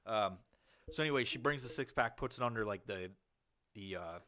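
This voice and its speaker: A man hosting a podcast, telling a long story in casual chat, swearing often and rambling with fillers. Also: a little fast. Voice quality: profane, rambling delivery with many fillers. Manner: acts out quoted people with sudden loud, higher outbursts. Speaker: podcast host.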